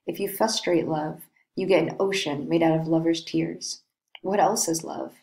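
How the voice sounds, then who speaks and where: A woman's voice: low voice, fairly even intonation, moderate pace, a little mellow, low-quality recording. A brooding young lovesick nobleman, read by a woman. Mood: melancholy. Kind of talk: reading a play aloud.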